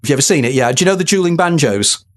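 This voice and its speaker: A man's voice: on the high side, lively intonation, very fast. A man, a guest in an interview, telling a story with animation and acting out quoted dialogue. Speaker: guest author.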